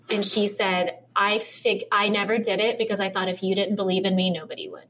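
A woman from the American Midwest, an author and guest, telling stories in a casual interview with quick bursts and laughter. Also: medium pitch, steady tone, fairly bright tone, slight background noise.

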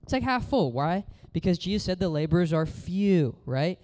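A man preaching a sermon in a casual, conversational way, telling stories and moving between loud exhortation and quiet, low moments. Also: big pitch swings, normal speed.

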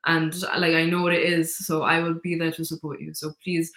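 A woman's voice: low-pitched, little pitch movement, brisk, a bit bright, roomy sound. A woman, chatting as an interview guest in an upbeat, filler-heavy way. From Gibraltar. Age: 20s. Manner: chatty and upbeat, full of "like" and "you know". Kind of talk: casual interview chat.

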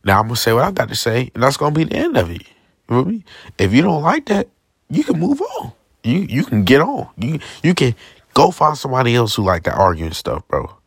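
A young vlogger rants straight to camera in clean studio sound with no echo, slangy, aggrieved and repetitive, and he keeps asking "you feel me." His medium-pitched voice is gravelly with a breathy edge, sing-song and a little fast.

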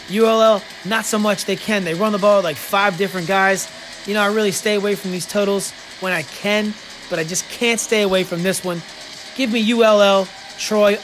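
A man hosting a podcast, giving sports betting picks in a casual, sarcastic way with quick joking asides. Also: sits high, fairly bright tone.

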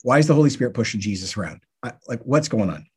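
A man co-hosting a podcast, teaching through Bible passages in a casual, lively way and acting out the questions listeners might ask. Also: mid-range voice, quick pace, husky.

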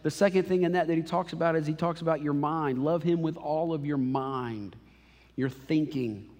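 A man's voice: on the high side, moderate pace, darkish tone. Man preaching in a reverberant church. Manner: conversational, emotional preaching. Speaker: pastor. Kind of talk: sermon. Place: church auditorium. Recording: reverberant hall.

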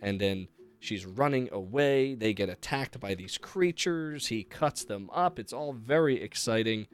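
A man's voice: mid-range voice, expressive, unhurried, clear, resonant tone. A male podcast host giving an enthusiastic, casual recap of a comic, with fillers and asides.

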